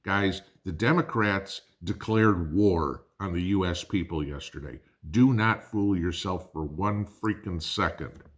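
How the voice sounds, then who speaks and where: A man's voice: sits low, a little slow, few pauses. A man hosting a prepping channel, delivering an angry, blunt political rant to his viewers, swearing and calling them guys.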